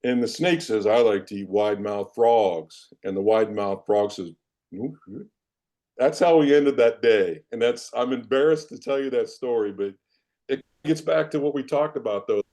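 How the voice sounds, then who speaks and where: A man in his fifties from Iowa, a former football player and coach, telling animated, self-deprecating stories as a guest in a podcast interview. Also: medium pitch, moderate pace. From Iowa, United States. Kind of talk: casual storytelling in a podcast interview.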